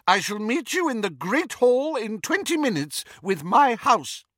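A man voicing a brisk, plucky middle-aged female witch with an eager manner in a storybook reading. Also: very high voice, very animated, a bit bright, dry recording, studio quality, voice pushed up, heavily acted. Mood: determined.

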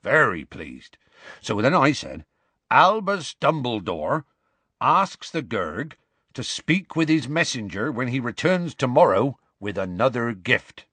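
A man voicing Hagrid, a big gruff half-giant who tells the story in rough, homely speech. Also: mid-range voice, big pitch swings, sharp tone, no echo, pitched above the performer's own voice, heavily acted. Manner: rough colloquial grammar, slow homely storytelling.

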